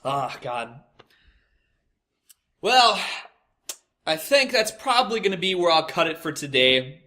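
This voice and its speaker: A man's voice: on the high side, lively intonation, slow pace, sharp tone. A young man telling a crude work story, exasperated and swearing constantly. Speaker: podcast host. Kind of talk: profane storytelling rant.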